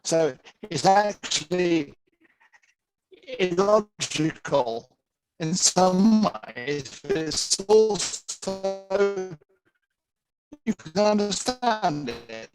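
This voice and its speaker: A man with an English accent giving an online lecture over a video call, in a steady, explanatory way. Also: high-pitched, very slow, pauses often, over music, low-quality recording.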